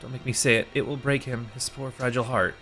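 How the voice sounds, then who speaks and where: A man's voice: mid-range voice, steady tone, fast talker, sharp tone, soft background music, pitched above the performer's own voice. A man voicing a frightened, girlish otherworldly female being, reading game dialogue in a raised, pleading tone.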